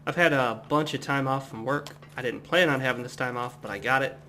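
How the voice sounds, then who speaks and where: Man, casual gameplay commentary, rambling asides, middle pitch, faint background hum. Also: a little fast. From United States. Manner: relaxed, rambling, chatty asides. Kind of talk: casual let's-play commentary.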